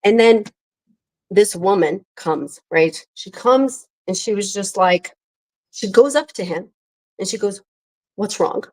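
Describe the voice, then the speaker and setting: Animated woman telling a story. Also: mid-range voice, measured pace, rough recording. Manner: animated storyteller acting out quotes. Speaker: podcast co-host. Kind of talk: casual chat.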